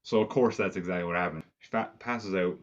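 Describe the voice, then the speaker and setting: Deep husky dude rambling through a sweary movie recap, muffled lo-fi audio. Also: male voice, fairly quick. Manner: profane, rambling, lots of "like" fillers. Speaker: movie reviewer. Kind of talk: casual film review recap.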